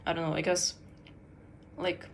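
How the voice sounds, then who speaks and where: A woman's voice: on the low side, level tone, a little slow, gravelly, a little hiss or hum, poor audio. A woman streamer chatting casually while she draws, rambling and giggling with lots of fillers. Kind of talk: casual livestream chat while drawing.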